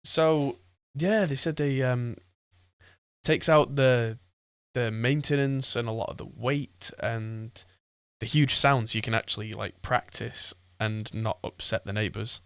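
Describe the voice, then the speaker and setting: A man's voice: medium pitch, takes it slowly, a bit bright, smooth, no echo. A man hosting a podcast, chatting casually and rambling with frequent laughs. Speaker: podcast host. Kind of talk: casual chat.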